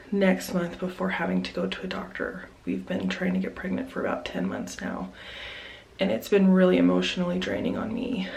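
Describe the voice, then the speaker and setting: A young woman in her twenties sharing personal news in a casual home vlog, halting and hesitant with many fillers, at times dropping to a whisper. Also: on the low side, gravelly. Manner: hesitant, many pauses and fillers, soft and emotional. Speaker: vlogger. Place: home, getting ready in the morning.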